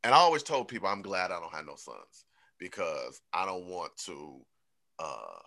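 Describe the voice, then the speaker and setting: With a low voice touched by vocal fry, a man speaks at normal speed as a podcast co-host in casual conversation. He is candid and reflective about his personal growth and livens up when quoting himself, in clean studio sound with no echo.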